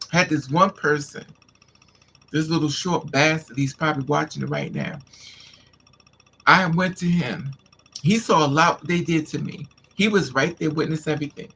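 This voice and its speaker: A man's voice: on the high side, creaky, sharp tone, slight background noise. A man vlogger intensely telling a painful personal story to his viewers, repeating himself as he vents. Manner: intense, repetitive, venting.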